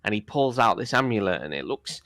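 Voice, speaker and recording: Bright-voiced male game master. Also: on the low side, very animated, a little fast, no room sound, studio quality. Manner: rambling, filler-heavy narration. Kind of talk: narrating a tabletop game.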